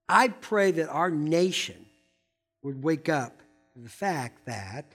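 An older man preaching a sermon, emphatic and repeating key words, swinging between loud stresses and hushed asides. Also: sits high. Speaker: pastor.

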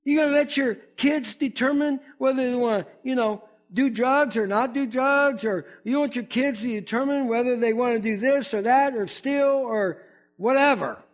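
A man's voice: very high voice, normal speed. A middle-aged man preaching a sermon as pastor, fiery and emphatic.

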